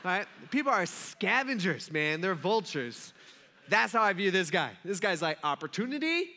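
Bright-voiced, joking male pastor. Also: high-pitched, expressive, a little slow. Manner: conversational, humorous storytelling. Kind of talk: sermon.

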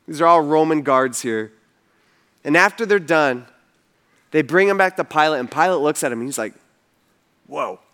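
A man's voice: a little high, lively intonation, moderate pace, pauses often, fairly bright tone, clean tone. A man preaching, retelling a story vividly and casually, with fillers. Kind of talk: storytelling sermon.

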